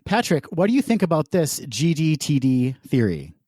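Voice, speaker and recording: A man's voice: on the high side, sing-song, moderate pace, warm tone, no room sound, clean studio sound. A man co-hosting a casual podcast, teasing his co-host and cracking puns. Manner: jokey, teasing, punny asides.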